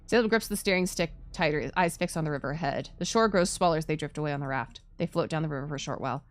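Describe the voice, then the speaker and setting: A woman's voice: deep voice, rapid-fire. Woman streamer reading a game aloud.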